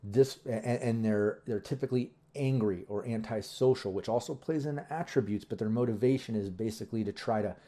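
Mellow low-voiced man giving game tips. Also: a little fast, few pauses. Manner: relaxed, rambling, lots of ums and you-knows. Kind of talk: casual instructional talk.

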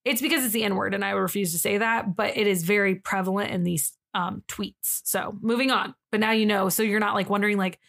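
A woman co-hosting a podcast, retelling a story in casual chat, quoting its people with sudden jumps in pitch and cursing freely. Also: steady tone, a little fast, gravelly, few pauses, fairly bright tone. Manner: reads a story aloud and quotes its people with sudden high jumps; swears freely and laughs between lines. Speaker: podcast co-host.

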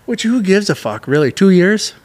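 A man's voice: high-pitched, big pitch swings, moderate pace, darkish tone. A man co-hosting a podcast in casual crude banter, laughing often and swearing freely. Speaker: podcast co-host.

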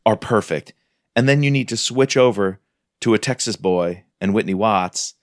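Low-voiced guy hyped about a book, dry close sound. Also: moderate pace, no room sound. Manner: enthusiastic, reads quotes aloud. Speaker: podcast co-host. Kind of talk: casual book review chat.

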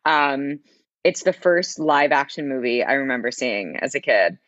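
A woman co-hosting a chatty podcast, her voice low but swinging widely in pitch as she talks. She sounds animated and emphatic and laughs easily. The recording is dry and a little dull in tone. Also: moderate pace, no room sound. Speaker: podcast co-host. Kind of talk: casual chat. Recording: slightly dull dry mic.

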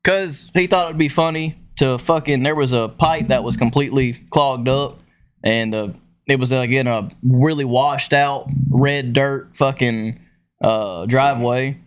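A man with a drawl, mid-pitched and unhurried, tells long, profanity-laced stories about work mishaps. His talk wanders and loops back on itself in a loose, casual podcast chat. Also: clean tone. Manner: profane, rambling storyteller. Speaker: podcast co-host.

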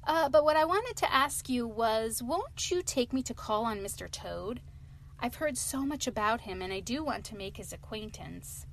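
A cautious, eager young male mole from a storybook, as a woman reads him aloud. He sounds soft and polite, with his pitch lifted a little. A faint hiss of noise sits behind the voice. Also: lively intonation, normal speed, vocal fry. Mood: timid.

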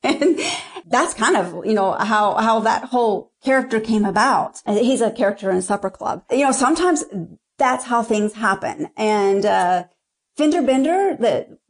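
A woman's voice: fairly high pitch, expressive, moderate pace. A woman author talking frankly about her writing in an interview, rambling with many restarts. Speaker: erotica author, guest. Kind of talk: casual interview talk.

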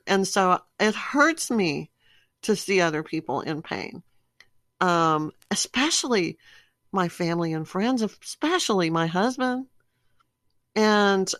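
A woman's voice: on the low side, a bit bright, dry recording. A middle-aged woman speaking casually and telling stories with animation, acting out her own reactions as she explains personality disorders.

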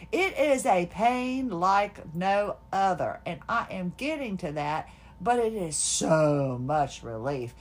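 A woman hosting a podcast, telling a personal story in a chatty, laughing way, quoting others, tired and finding it hard to talk. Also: mid-range voice. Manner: chatty, laughing, animated retelling with quoted voices. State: fatigued, hard time talking. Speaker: podcast host.

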